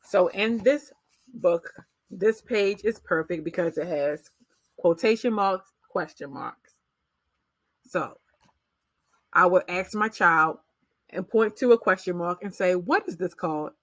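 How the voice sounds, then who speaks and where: A woman teacher explaining early reading skills to parents in a slow, deliberate instructional way. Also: lowish voice, a bit bright, no room sound. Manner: slow, deliberate modeling of read-aloud pacing.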